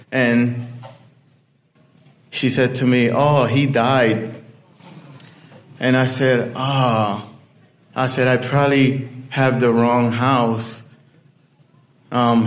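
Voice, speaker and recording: A man telling a personal story in a casual, rambling way, full of "you know" fillers. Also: mid-range voice.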